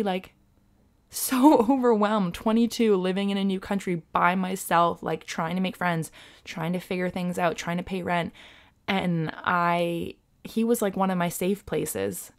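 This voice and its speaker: Low, gravelly-voiced woman telling a personal story. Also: fairly even intonation, measured pace. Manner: emotional, confiding, frequent "like" fillers. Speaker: vlogger.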